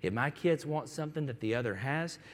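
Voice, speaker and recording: Pastor preaching in a reverberant hall. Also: male voice, mid-range voice, expressive, brisk. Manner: conversational storytelling with quoted voices. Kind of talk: sermon.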